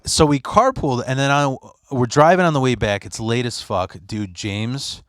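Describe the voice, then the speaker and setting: A man in his late thirties hosting a podcast, telling stories in a casual, profane, animated way and leaping into loud voices for the people he quotes. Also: medium pitch, normal speed, dry recording, studio quality. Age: 30s. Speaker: podcast host. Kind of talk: casual storytelling chat.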